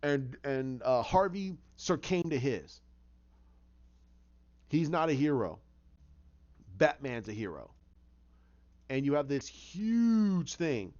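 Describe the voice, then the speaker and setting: A man casually retelling a story idea of his own, halting, with many restarts and acted-out lines. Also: a little high, darkish tone, dull audio.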